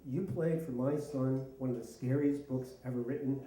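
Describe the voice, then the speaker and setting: A man voicing a stern, concerned father who speaks in a quiet, measured, accusing way, heard echoing from a distance in a hall. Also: medium pitch, steady tone, voice pushed down, lightly acted. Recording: echoey hall, mic from far off.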